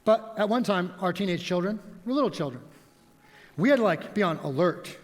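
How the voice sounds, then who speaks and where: A man preaching a sermon as pastor, telling stories with animated energy and props. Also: high voice, fairly quick. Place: church sanctuary. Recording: long reverb of a church hall.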